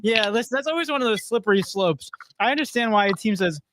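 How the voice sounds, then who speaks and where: A man's voice: high-pitched, brisk, fairly bright tone, dry recording. A man hosting a casual sports podcast livestream, upbeat, laughing often and talking to the chat. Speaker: podcast host.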